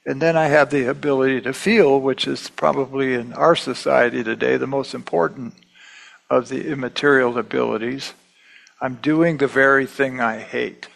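A man's voice: medium pitch, normal speed, vocal fry, rough recording. A middle-aged man teaching a Bible class in a conversational way, repeating himself and acting out the quotes he reads. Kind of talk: sermon.

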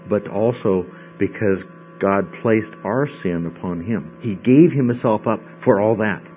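A man teaching a Bible study in a conversational way, often checking in with the class. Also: on the low side. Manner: conversational, checks in with frequent "okay?". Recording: dull lo-fi recording with mains hum.

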